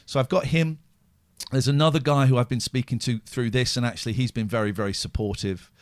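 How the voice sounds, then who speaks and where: A man's voice: mid-range voice, fairly even intonation, brisk, no room sound. A middle-aged man hosting a podcast, talking openly and emotionally, worn out and swearing heavily. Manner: raw, emotional, heavy swearing. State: exhausted and drained. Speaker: podcast host. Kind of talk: candid podcast chat.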